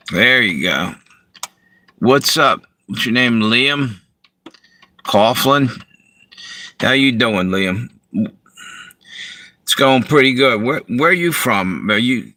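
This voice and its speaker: A man's voice: lowish voice, bright, forceful tone. A man from Delaware, chatting casually on a live stream from his parked car, greeting viewers and rambling between comments.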